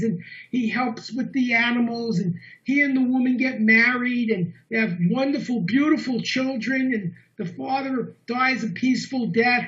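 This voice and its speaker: A man giving a talk as guest speaker, telling a story in an earnest, animated way over dull lo-fi online meeting audio. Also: extremely high pitch.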